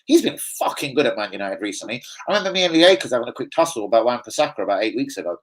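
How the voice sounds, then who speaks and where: A young man hosting a casual football fan livestream, rambling, swearing freely and reading out chat shout-outs. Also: mid-range voice, sing-song, racing, rough recording.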